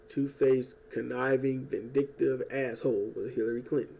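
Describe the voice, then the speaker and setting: Man, somewhat high voice, rambling profane rant, sarcastic, home recording on an old mic. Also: a little mellow, a little hiss or hum. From United States. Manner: rambling, profane and sarcastic, with quick mocking impressions. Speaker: YouTuber. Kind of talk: casual political rant. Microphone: old desk microphone.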